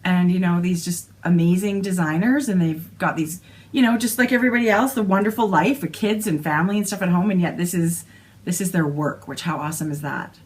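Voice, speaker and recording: A woman with a Canadian accent chats about knitting with a sister. She has a lower pitch than most women and gushes with enthusiasm. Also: a little fast, a little mellow. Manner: gushing, enthusiastic. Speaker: podcast co-host. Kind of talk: casual knitting chat.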